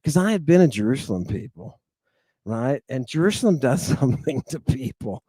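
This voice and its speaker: On his own show, this man recounts something from his life in an animated, slang-heavy monologue, dropping "right?" and "baby" throughout. The recording is dry, and his mid-range voice is a bit rough and moderately paced.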